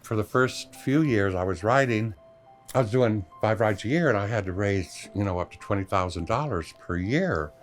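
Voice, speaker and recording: Playful older man, low voice. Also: normal speed, soft background music. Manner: playful, animated, voices his own past thoughts. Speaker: longtime charity ride participant. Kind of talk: documentary interview storytelling.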